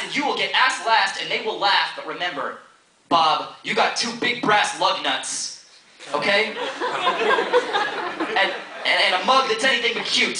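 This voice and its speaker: Man, live spoken-word poet, high lively voice, taunting rhythmic delivery; taped from far back in an echoey hall with crowd noise. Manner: rhythmic, theatrical, teasing. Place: college stage before an audience. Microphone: audience camera from far off.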